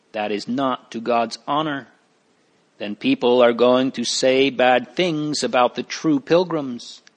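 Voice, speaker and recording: A pious pilgrim explains his teaching in an instructive, preaching way, as a man reads him. The storybook pace is slow and deliberate. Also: mid-range voice, lightly acted.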